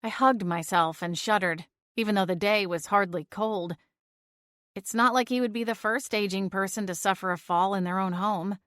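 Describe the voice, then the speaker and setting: A woman's voice: medium pitch, normal speed, a bit bright, no room sound, studio quality. Woman narrating a cozy mystery audiobook. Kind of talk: first-person scripted narration.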